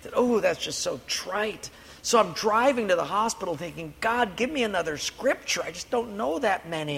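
A man's voice: high-pitched, bright, forceful tone, husky. A man preaching a sermon, telling a personal story earnestly and repeating key lines for emphasis. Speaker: pastor. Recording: long hall reverb, faint room noise.

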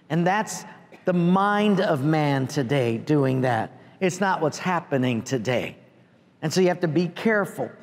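Animated male pastor preaching in a reverberant hall. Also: fairly high pitch. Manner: animated, acts out prayers and asides to the congregation. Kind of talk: sermon.

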